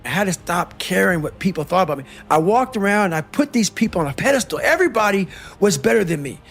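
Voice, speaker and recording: A man's voice: sits high, expressive, quick pace, gravelly, faint music behind. A man giving an intense, blunt motivational speech in an emphatic manner. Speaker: motivational speaker.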